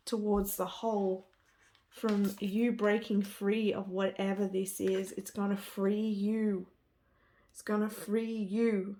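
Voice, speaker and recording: Young woman doing a tarot reading to camera, gushy and excited, keeps trailing off and starting over. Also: mid-range voice, measured pace. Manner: gushing, enthusiastic, often trails off and restarts. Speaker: tarot card reader. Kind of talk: spiritual card reading to camera.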